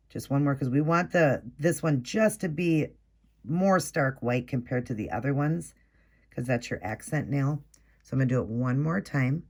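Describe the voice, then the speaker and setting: A man's voice: mid-range voice, creaky. A man hosting a casual, chatty step-by-step nail art tutorial, explaining each move as he works. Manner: chatty, explains while working, quick apologies.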